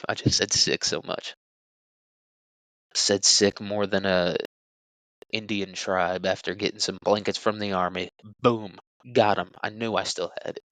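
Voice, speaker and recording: Rambling crudely through his solo podcast, a young male host jokes around and uses lots of fillers. He speaks with a fairly low pitch, vocal fry, and a fairly bright tone. There's no room sound, though the recording quality is low.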